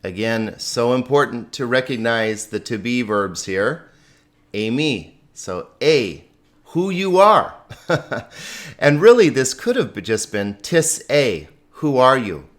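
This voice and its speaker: Very animated and fairly bright in tone, a male Greek teacher with a medium-pitched, middle-range voice walks his students through grammar slowly and deliberately, emphasizing key words and chuckling softly as he goes.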